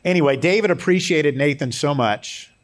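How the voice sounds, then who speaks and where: A man's voice: fairly high pitch, normal speed. A man preaching a sermon in a conversational way, mixing scripture with personal stories and light humor. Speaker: pastor.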